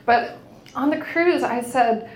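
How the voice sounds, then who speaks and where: A woman's voice: sits high, takes it slowly. A young woman hosting a podcast, chatting candidly and frankly, swearing freely and laughing often. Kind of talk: candid casual chat. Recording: roomy echo.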